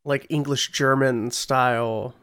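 A man interviewing a guest, relaxed and easygoing, with halting restarts. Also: mid-range voice, smooth, no echo, studio quality. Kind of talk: casual interview chat.

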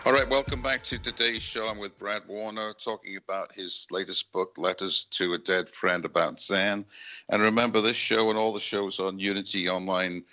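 Male radio host: very deep, crisp, musing and halting. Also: steady tone, pushed and bright, faint music behind. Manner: halting and reflective, with many fillers. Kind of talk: radio interview.

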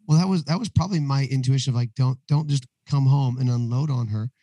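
A man with a hoarse voice, talking candidly as a guest in a casual podcast interview, telling a personal story. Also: mid-range voice, quick pace, hardly any pauses, dark tone, no room sound, rough recording. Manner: candid, storytelling, acts out dialogue. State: hoarse, voice recovering after losing it. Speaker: guest, recovery ministry co-founder.

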